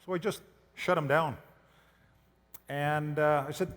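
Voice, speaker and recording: A man from Canada gives a motivational talk to an audience in a folksy, storytelling way. His voice sits a little high for a man. Long reverb from the large hall trails after his words. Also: fairly even intonation, measured pace, long pauses, fairly bright tone. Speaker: motivational speaker.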